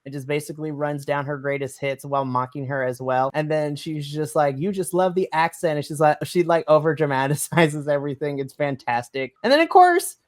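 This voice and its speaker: A podcast co-host giving a casual, animated wrestling review, laughing often and trailing off mid-sentence. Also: medium pitch, a little fast, hardly any pauses.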